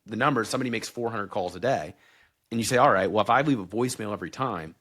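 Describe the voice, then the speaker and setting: A man's voice: on the low side, fast talker, fairly bright tone. A man guesting on a podcast, speaking candidly and bluntly in a casual way, full of "like".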